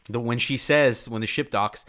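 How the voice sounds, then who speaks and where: A man's voice: mid-range voice, normal speed, fairly bright tone. A young man co-hosting a casual podcast, talking in a slangy, laid-back, joking way. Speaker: podcast co-host. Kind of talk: casual movie-review chat.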